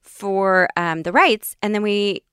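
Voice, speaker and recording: A woman's voice: mid-range voice, slow pace, fairly bright tone, smooth, no room sound, clean studio sound. A woman guest on a podcast, an actress and producer, chatting casually with a playful, teasing manner and easy laughter. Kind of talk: casual chat.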